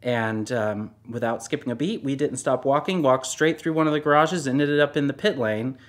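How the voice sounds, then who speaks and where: Man, casual storytelling, animated, hushed asides, mid-pitched voice. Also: normal speed. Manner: animated, often dropping to a hushed voice. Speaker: car story guest.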